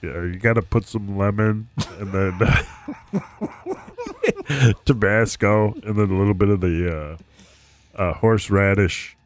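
A man with a low but lively voice talks in a laid-back way, filling his lines with hesitant pauses. He drops in easily alongside the others in a casual chat. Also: soft background music.

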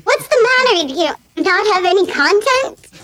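A woman's voice: very high voice, sing-song, moderate pace, fairly bright tone. A woman with a Canadian accent, chatting as a guest and often stammering, on a line with clicks and background hiss. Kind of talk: casual chat.

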